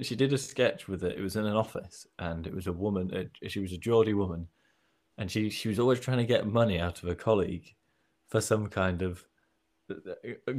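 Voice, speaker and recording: A man's voice: fairly low pitch, darkish tone. A young man co-hosting a casual motoring podcast, teasing his co-host with dry humour. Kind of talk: casual chat.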